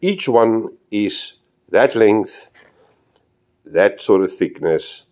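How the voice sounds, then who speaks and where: A man's voice: on the low side, expressive, extremely slow, darkish tone. A man chatting casually as he shows off a hobby project, rambling and talking straight to his viewers. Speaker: model railway hobbyist.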